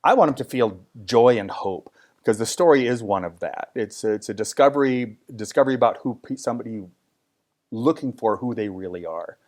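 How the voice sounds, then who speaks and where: A man's voice: medium pitch, animated, fairly quick, darkish tone. A middle-aged man from a theater production, recounting a story in a casual interview with thoughtful small restarts.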